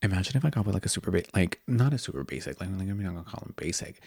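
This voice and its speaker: Young guy gushing on his podcast, voice jumps all over, lowish and dry, close to the mic. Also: racing, slightly rough, dry recording. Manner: gushing, expressive, slips into whispers. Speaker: podcast host. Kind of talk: candid casual chat.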